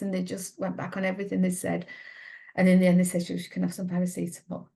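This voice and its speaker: A middle-aged woman, a mother, giving an earnest, halting personal account in an interview. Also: mid-range voice, completely flat delivery, vocal fry, dark tone. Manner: earnest, halting, with many restarts. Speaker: mother of a patient, interview guest.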